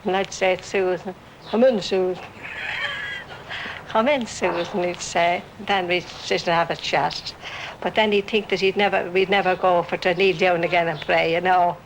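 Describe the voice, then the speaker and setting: A woman's voice: fairly low pitch, fairly even intonation, normal speed, noisy background. A woman, recalling visits in an amused way. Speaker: neighbour recalling. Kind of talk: reminiscence.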